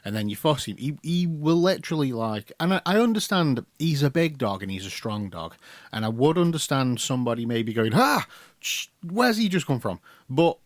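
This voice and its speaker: A man co-hosting a podcast in casual chat, blunt and sweary, quick to jump in with his own take. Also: medium pitch, expressive, no echo, clean studio sound. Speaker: podcast co-host.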